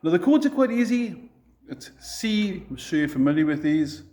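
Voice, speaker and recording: Patient man teaching guitar, mellow voice. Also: high-pitched, sing-song, moderate pace. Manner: patient, counts beats aloud. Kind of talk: guitar lesson.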